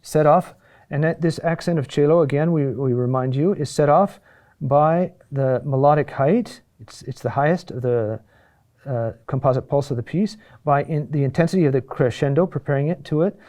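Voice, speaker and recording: In a fairly high, mellow voice, a man gives a chant lesson, explaining in short, halting phrases filled with fillers and offhand asides. Now and then he sings a phrase slowly.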